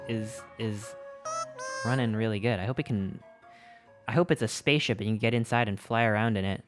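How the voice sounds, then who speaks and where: Young streamer hyped up reading chat, mid pitch, bit of music under it. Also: fairly quick. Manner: upbeat, excitable, reads chat aloud. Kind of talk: casual chat with live chat.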